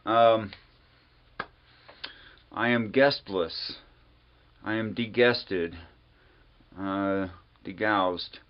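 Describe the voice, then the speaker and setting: A man hosting a solo livestream on religion, talking casually and unhurriedly with many pauses and fillers, sometimes wry. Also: fairly low pitch, highs cut off. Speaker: livestream host.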